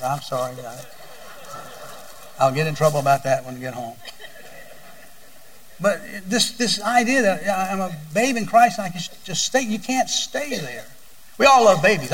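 A man's voice: a little high, a bit bright, distant mic, poor audio. An older man preaching a sermon as a pastor, telling folksy stories and often repeating his words.

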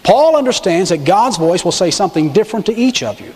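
A man's voice: sits high, big pitch swings, fairly quick, in a large hall. A male pastor preaching a sermon in a church, stressing key words and pressing the congregation to respond. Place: church sanctuary with balcony and choir.

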